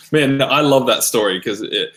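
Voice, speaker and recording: A man hosting a hobby podcast, enthusiastic and quick to laugh as he chats with guests. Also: medium pitch. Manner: enthusiastic, laughs often, animated retelling. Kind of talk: casual podcast chat.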